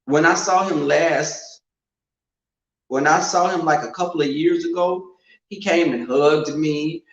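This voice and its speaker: Animated man in an echoey room. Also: unhurried. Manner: animated, swings loud and high when quoting. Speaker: storyteller. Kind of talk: casual storytelling. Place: echoing room at home. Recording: roomy home echo, muffled sound.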